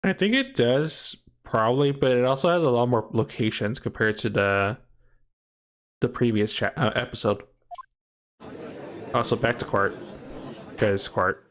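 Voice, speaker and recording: A man's voice: medium pitch, fairly even intonation, unhurried, pauses often, fairly bright tone. A man casually commenting on a game he is playing, in a rambling and self-mocking way with many false starts. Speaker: gameplay streamer. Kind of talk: casual let's-play commentary.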